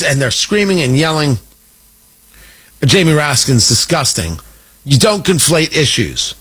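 A man's voice: on the high side, very animated, measured pace, long pauses, a bit bright, husky, poor audio. A man hosting a political commentary show, talking in an indignant, emphatic way with mocking asides. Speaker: talk show host.

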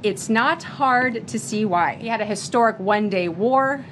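A woman speaking as a press secretary, delivering a slow, rehearsed briefing. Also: on the high side. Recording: played-back clip with clear background noise.

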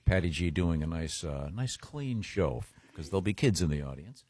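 A man's voice: deep voice, animated, normal speed, darkish tone, husky, no echo. A man hosting a casual radio chat, joking and laughing often. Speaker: radio host.

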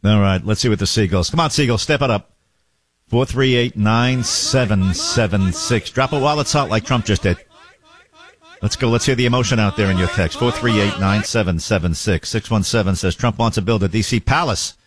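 A man's voice: lowish voice, normal speed. A man hosting a morning talk radio show, sarcastic and jokey, often mimicking the people he talks about.

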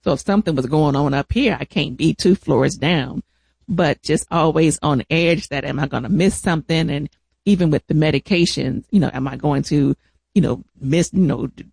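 A man telling family caregiving stories in an animated, laughing manner. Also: fairly high pitch, creaky, slightly rough, dry recording. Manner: animated storyteller, laughs often, drawn-out emphasis. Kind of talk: casual family storytelling.

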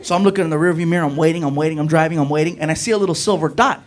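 A man doing stand-up, telling an animated road-trip story and acting out friends' voices. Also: racing. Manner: animated, acts out voices of friends with high shouts. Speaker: stand-up comedian. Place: comedy club stage with audience.

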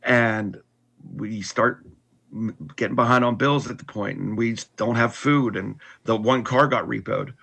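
Casting: middle-aged man with a husky voice, candid and unpolished, sharing a hard personal story. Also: mid-range voice, steady tone, unhurried, fairly bright tone. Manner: candid, with frequent restarts and wry laughs. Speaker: guest telling his conversion story.

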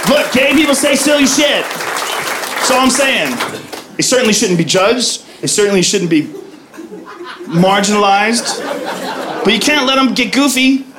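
A man doing a profane stand-up comedy routine on a club stage, brash with loud punchlines. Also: very high voice, lively intonation, unhurried, pauses often, noisy background. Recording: live club recording, audience laughter. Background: crowd laughing.

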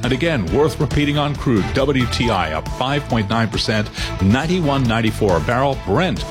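A man delivering a brisk market news flash, reading figures in a steady way. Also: medium pitch, over music. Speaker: news reporter.

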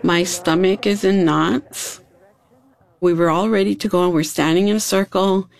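Earnest woman with a gravelly edge. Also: fairly low pitch, steady tone, normal speed. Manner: earnest, reflective, recalls events step by step. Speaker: hula dancer telling her story. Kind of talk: personal storytelling. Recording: music playing underneath. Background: background music.

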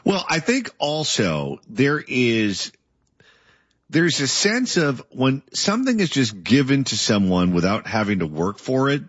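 A man's voice: mid-range voice, sing-song, a little slow, fairly bright tone, slightly rough, no room sound. A man hosting a political interview, who lays out long lists of points before he asks his question. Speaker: interview host. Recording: dull lo-fi sound.

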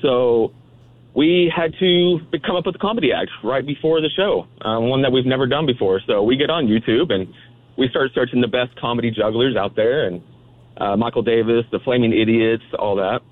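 A man calling in to a radio show, telling a story in an easygoing, halting way with lots of fillers. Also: mid-range voice. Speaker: caller. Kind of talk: phone call to a radio show. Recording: tinny phone line.

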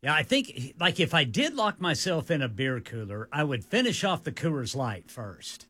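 Radio co-host guy, bright punchy voice, lots of ups and downs, playing along with the bits. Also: a little high, sing-song, moderate pace, slightly rough, no room sound. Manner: playful, goes along with the bits. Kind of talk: joking radio banter.

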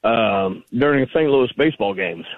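A man's voice: mid-range voice, expressive, moderate pace, dry recording. A man calling in to a radio show, making a rambling, argumentative case with many fillers. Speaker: caller. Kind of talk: call-in radio conversation. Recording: tinny phone line.

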